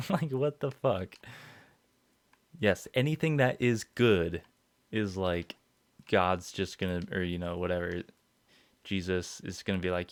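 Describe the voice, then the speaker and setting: A man's voice: deep voice, takes it slowly, pauses often, no room sound. A young man hosting a podcast, rambling through an episode recap with lots of fillers, swearing and chuckles. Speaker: podcast host.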